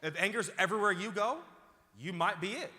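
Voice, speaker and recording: A man's voice: high-pitched, expressive, brisk, noisy background. A man preaching a sermon as pastor, emphatic and repeating phrases as he calls out to the congregation. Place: large church auditorium. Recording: hall reverb from a large church.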